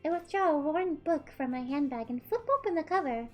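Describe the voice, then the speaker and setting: Girl doing a smug creepy psycho girl voice, low and hushed, reading a visual novel, high pitch. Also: animated, fairly quick, soft background music. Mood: smug, gloating. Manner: cold, smirking, low and quiet delivery. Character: smug psychopathic young woman who fakes deaths.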